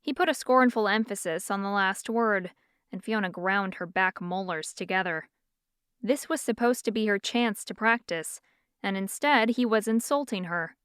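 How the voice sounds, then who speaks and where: A woman reading an audiobook as narrator in an even, smooth storytelling manner. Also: medium pitch, moderate pace, dry recording, clean studio sound. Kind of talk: scripted narration.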